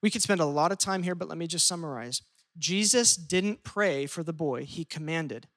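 A pastor preaching a lively sermon, shifting pace often and acting out quoted speech. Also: medium pitch, moderate pace.

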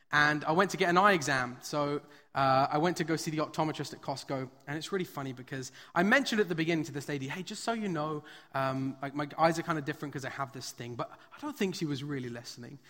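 A man preaching to a live congregation, with a high, bright voice. He tells stories casually and fills his talk with "like" and "kinda." His voice rings with the long reverb of a large hall. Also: fast. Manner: conversational storytelling with frequent fillers. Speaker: pastor. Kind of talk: sermon. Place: church hall, live service.

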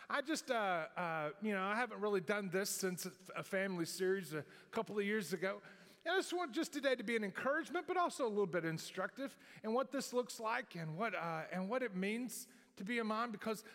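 A high-pitched, fairly bright male voice carries a sermon through a reverberant church sanctuary. The middle-aged pastor's style is folksy and meandering, with many restarts.

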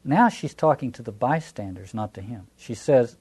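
Southern American man as a scripture lecturer; relaxed, mellow delivery, musing aloud. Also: mid-range voice, normal speed, slightly rough. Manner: thoughtful, restarting phrases, rhetorical questions. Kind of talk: reflective lecture.

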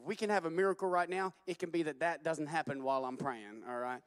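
High-voiced pastor preaching animatedly. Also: male voice, fast talker, few pauses, long reverb tail. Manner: animated storytelling, rising to shouts. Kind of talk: sermon.

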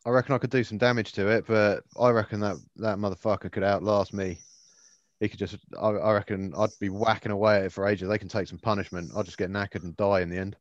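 A man's voice: lowish voice, flat delivery, fast, no room sound, lo-fi sound. Sweary English man chatting. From England. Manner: sweary, laid-back banter. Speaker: podcast co-host. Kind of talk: casual chat.

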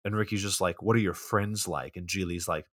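A man's voice: deep voice, fairly quick, no echo, studio quality. A man co-hosting a podcast, casually recapping a bad movie in a rambling, profane way full of "like". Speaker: podcast co-host.

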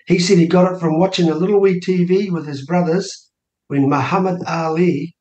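A man in his sixties with a New Zealand accent, telling personal stories as a guest and acting out quoted dialogue in a lively voice. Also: sits high, moderate pace, highs cut off. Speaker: interview guest, minor party co-leader. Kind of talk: animated personal storytelling. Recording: roomy studio echo.

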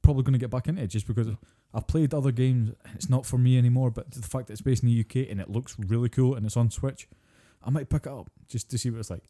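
A man's voice: medium pitch, fast, few pauses, mellow. A Scottish man co-hosting a podcast, chatting casually and ranting with plenty of swearing. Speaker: podcast co-host.

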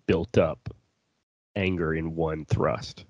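A man's voice: rumbling low, fairly even intonation, takes it slowly, a little mellow, no room sound, highs cut off. A man co-hosting a casual podcast, laughing often, swearing and restarting his sentences. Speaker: podcast co-host. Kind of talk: casual crude chat.

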